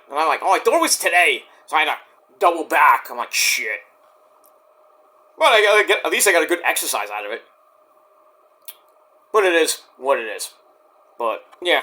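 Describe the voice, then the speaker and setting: A man's voice: on the high side, sharp tone. A man in his forties talking to camera in a casual, rambling vlog, blunt and defiant, swearing often. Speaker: vlogger.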